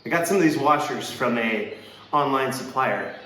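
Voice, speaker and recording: A man's voice: mid-range voice, animated, normal speed, a bit bright, a little hiss or hum. Wry joking man in an echoey garage. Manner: wry, self-deprecating, jokey. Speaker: car restoration vlogger. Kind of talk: casual joking walkthrough. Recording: echoey workshop, mic at a distance, faint ambience.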